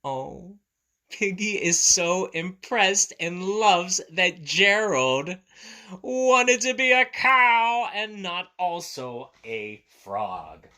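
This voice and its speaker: Lively, bright-toned man reading to children. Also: high voice, extremely slow, reverberant. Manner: gentle, chatty, talks directly to children. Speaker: teacher reading aloud. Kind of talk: children's story read-aloud.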